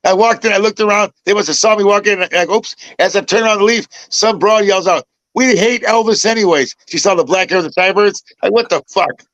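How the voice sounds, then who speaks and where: Older man from Chicago, host, casual chat, rambling restarts, slightly high voice, dry close sound. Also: quick pace, fairly bright tone, no room sound, muffled recording. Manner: rambling storyteller, many restarts and repeats. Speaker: podcast host.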